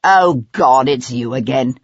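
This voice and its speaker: A man's voice: medium pitch, takes it slowly, no room sound, pitched below the performer's own voice. An audiobook reader voicing a nervous, snappish male actor under suspicion, in a dry, slightly dull recording. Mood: defensive. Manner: snappish, defensive.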